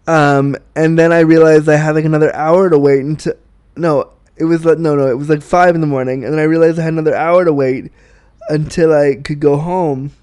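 Canadian man hosting a podcast, crude self-mocking storyteller, smooth warm tone. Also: on the high side, fairly even intonation, a little fast. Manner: profane, self-mocking, laughs at own jokes. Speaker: podcast host. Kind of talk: candid storytelling monologue.

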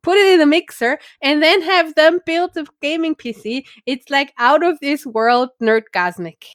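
A woman's voice: high-pitched, moderate pace, dry recording, studio quality. A woman co-hosting a casual geek news show, talking in an enthusiastic, giggly way. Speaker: podcast co-host.

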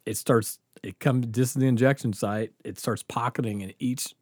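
A man's voice: medium pitch, moderate pace, no echo, studio quality. A man casually telling a personal story, acting out the voices in it and laughing often. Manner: animated, acts out quotes, laughs often. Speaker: guest storyteller.

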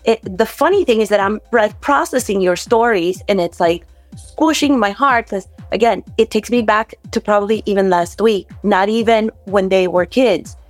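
A woman's voice: medium pitch, moderate pace, dry recording, soft background music. A middle-aged woman, a guest expert on a podcast, reflecting on her own story in casual chat.

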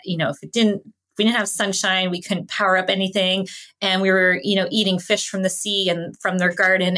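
A woman from Canada, a podcast guest telling lively travel stories and laughing along the way. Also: mid-range voice. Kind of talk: casual interview storytelling.

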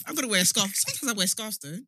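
A woman chatting casually with a friend, animated and teasing, often breaking into laughter. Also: medium pitch, racing, a little hiss or hum. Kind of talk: casual chat between friends.

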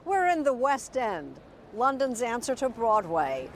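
A woman news anchor introducing segments in a smooth scripted delivery. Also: on the high side, very animated, a little slow, noisy background.

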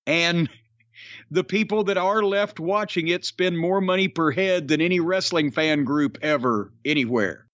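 A man's voice: on the high side, unhurried, a bit bright, no echo, dull audio. A man co-hosting a podcast in a casual way, blunt, profane and sarcastic. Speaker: podcast co-host.

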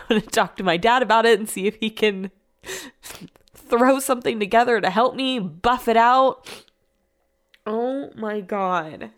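A young adult woman rambling through a casual vlog story, full of "like" fillers. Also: medium pitch. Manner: chatty and rambling, with constant "like" fillers. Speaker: vlogger and radio host.

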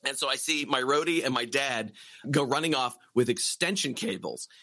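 A man's voice: mid-range voice, moderate pace, creaky, bright, forceful tone, no room sound. A middle-aged man, a musician, telling a long story in a casual interview, acting out quotes and laughing often.

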